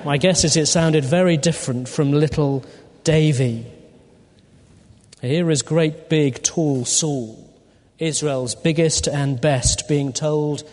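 A man preaching a sermon through a Bible passage, deliberate and full of rhetorical questions to his listeners. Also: a little high, a little mellow. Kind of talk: expository sermon. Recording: long hall reverb.

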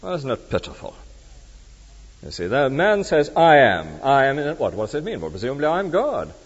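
A middle-aged man preaching a sermon in a conversational, animated way that swings between emphatic and hushed. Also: medium pitch, moderate pace, breathy edge. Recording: dull reverberant hall recording.

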